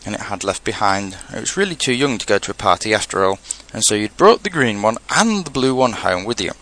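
A man voicing a kind, patient young boy in a storybook reading, asking plain, gentle questions. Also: fairly low pitch, lively intonation, fairly quick.

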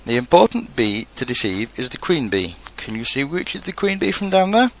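A man puts on a small, earnest bear from a storybook, his voice lifted higher than his usual. He muses solemnly and frets, his pitch rising and falling with a lively, slightly gravelly edge. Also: fairly quick. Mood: anxious. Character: gentle, anxious, earnest little bear. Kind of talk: storybook reading.

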